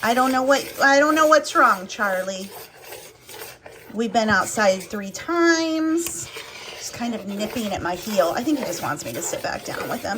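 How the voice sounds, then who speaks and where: Woman vlogger, lively up-and-down pitch, chatty and rambling, home kitchen. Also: unhurried, background noise. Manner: rambling, chatty, thinking aloud. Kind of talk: casual home vlog chat.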